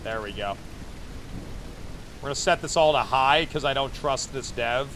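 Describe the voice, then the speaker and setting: Playing through a game, this male VTuber keeps up a joking, chatty commentary for his chat and mutters to himself along the way. He talks at a normal speed in a mid-range, somewhat bright voice, over slight background noise.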